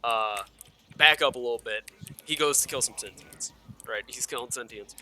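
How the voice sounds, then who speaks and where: An excitable young man whose voice is very bright and cutting. He swears freely and keeps tripping over his own words in a loose, rambling stream of gaming talk. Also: medium pitch, moderate pace. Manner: excitable, swears a lot, with frequent fillers and self-corrections. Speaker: gaming video creator.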